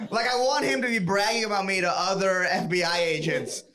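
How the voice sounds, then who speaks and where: A man's voice: sits high, fairly quick. A man doing stand-up on a comedy club stage, delivering punchy setups and chuckling at his own jokes. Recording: live club set with roaring crowd. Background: loud audience laughter.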